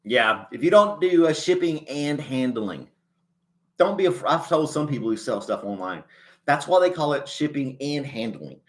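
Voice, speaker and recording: A man hosting a casual livestream chat, rambling in a folksy way and chuckling often, a little choked up and clearing his throat. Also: fairly high pitch, big pitch swings, normal speed. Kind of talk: casual chat reading a live chat.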